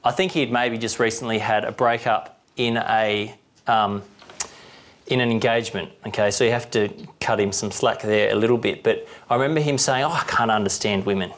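A man's voice: lowish voice, fairly even intonation, moderate pace. A man preaching a sermon in a conversational way, often asking the listeners questions.

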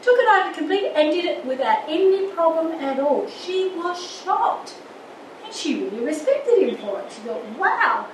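A woman's voice: extremely high pitch, normal speed. An older woman teaching a church marriage course, earnest and storytelling, acting out little quotes. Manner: earnest, with lively anecdotes and acted quotes. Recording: echoey room, distant mic, background noise.

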